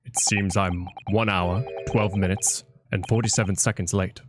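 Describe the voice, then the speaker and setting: A man voicing a pompous older British chief justice, reading game dialogue aloud in a slow, stately manner. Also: low-pitched, steady tone, over music, natural voice.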